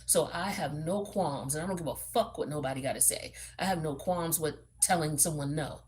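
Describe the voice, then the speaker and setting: A woman's voice: low-pitched, a little fast. A woman giving a casual tarot reading, blunt and profane, with streetwise slang and lots of chatty fillers and asides. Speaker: tarot reader.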